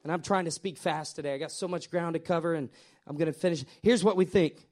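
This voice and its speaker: High-voiced preacher with swelling delivery. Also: male voice, quick pace. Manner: animated, repetitive preaching that swells and drops; addresses the congregation directly. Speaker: pastor. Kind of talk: sermon.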